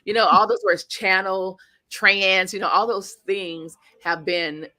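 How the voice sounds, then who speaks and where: A woman guest speaker and coach telling stories in an interview, animated, acting out the quotes and speaking straight to the audience. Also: medium pitch, a little slow, no room sound. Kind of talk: storytelling interview.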